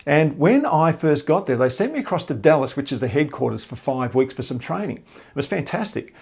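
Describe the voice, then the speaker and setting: An Australian man telling a humorous personal anecdote in a lively, self-deprecating way. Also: on the high side, a little fast, vocal fry, slightly rough. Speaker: storyteller.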